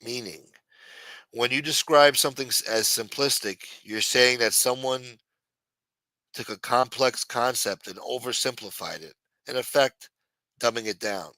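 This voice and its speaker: A man's voice: medium pitch, a little slow, sharp tone, no room sound. A man from New York with a New York accent hosting a late-night show, rambling and swearing in a sarcastic casual monologue. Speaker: host.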